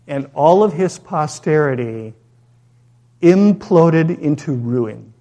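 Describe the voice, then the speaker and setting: A man preaching, his voice sitting a bit higher than most men's. He reads scripture and leads a prayer. He talks through a story in an easy, conversational way and poses rhetorical questions to his listeners. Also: slow, mellow. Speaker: pastor. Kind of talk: sermon.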